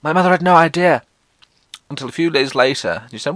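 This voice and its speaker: A man on a podcast talks a little fast in a fairly bright tone, with no room sound, telling irreverent comic stories about himself. He mocks himself, swears freely and acts out quotes with jumpy pitch.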